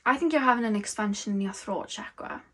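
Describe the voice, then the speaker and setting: A young woman giving a tarot reading, musing slowly and dreamily as she channels messages. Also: mid-range voice, sharp tone. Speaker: tarot reader.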